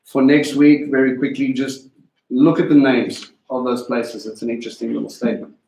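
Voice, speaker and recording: A man preaching a sermon in an animated way, swinging between loud and hushed, and speaking directly to the people in the room. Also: medium pitch, moderate pace, creaky. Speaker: teacher. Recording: echoey room.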